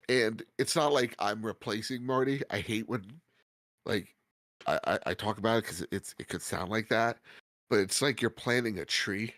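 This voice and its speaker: A man's voice: lowish voice, moderate pace, a bit bright, no room sound. A man co-hosting a podcast in casual chat, heartfelt and rambling with many restarts, his nose stuffy. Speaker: podcast co-host.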